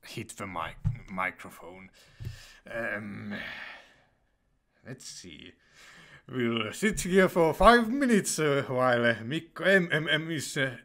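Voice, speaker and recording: A man's voice: medium pitch, fairly bright tone. A young man giving casual, hesitant commentary while playing a game, full of fillers. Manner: hesitant, many fillers, slow. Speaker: let's play gamer.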